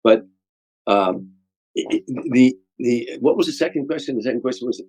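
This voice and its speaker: A man's voice: mid-range voice, lively intonation, moderate pace, a little mellow, slightly rough, no echo, low-quality recording. An older man, a comedian telling rambling, heartfelt stories in an interview, often repeating words. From Chicago area, USA. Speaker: guest comedian. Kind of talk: storytelling interview.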